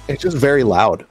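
A man chatting casually with friends, throwing in laughing, excitable remarks. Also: high voice. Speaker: co-host in a group chat. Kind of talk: casual chat.

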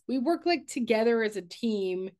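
A woman's voice: fairly high pitch, expressive, moderate pace, a little mellow. Blunt, candid woman podcast co-host. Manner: candid and blunt, swears casually, many "like" fillers. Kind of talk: casual podcast conversation.

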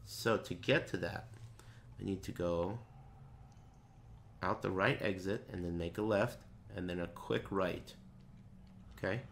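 A man's voice: low voice, fairly even intonation, unhurried, gravelly, pauses often, a little hiss or hum. A man playing a horror game, muttering directions to himself and swearing when something startles him. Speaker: gaming streamer. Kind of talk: let's play commentary.

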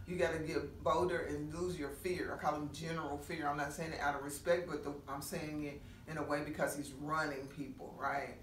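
Woman pastor preaching in an echoey room. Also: sits low. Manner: conversational preaching, rhetorical questions, quick asides. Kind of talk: sermon. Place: church meeting room. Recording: roomy echo from a distant mic, faint noise.

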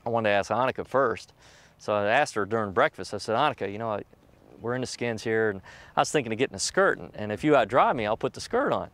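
Man telling animated golf stories. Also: fast talker. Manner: animated, acts out quoted voices with jumps in pitch. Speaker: professional golfer. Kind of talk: candid storytelling interview.

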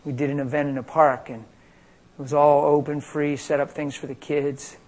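A man preaching a sermon on healing, telling stories with animated energy and acting out the quotes. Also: a little high, normal speed, rough recording.

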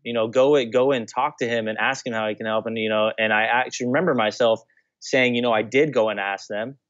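A man's voice: medium pitch, fairly even intonation, a little fast, fairly bright tone, no room sound, lo-fi sound. A young adult man, a guest on a talk show, telling a story in a casual, rambling way full of restarts and "you know". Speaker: guest, former pro baseball player. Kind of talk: casual conversational interview.

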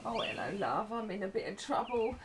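An older woman playing an anxious, elderly mother in debt, speaking softly and pleadingly. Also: mid-range voice, sing-song, a little fast, background noise. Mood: evasive, pleading. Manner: soft, fretful and pleading. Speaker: actress in a student short film. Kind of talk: low-budget film acting.

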